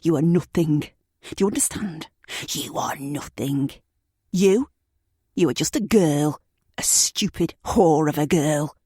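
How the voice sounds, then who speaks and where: A woman's voice: low-pitched, slow pace, pauses often, warm tone, slightly rough, no room sound, studio quality, exaggerated voice. A woman voicing a violent, abusive young man in an audiobook, screaming insults and hissing cold threats. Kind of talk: audiobook narration.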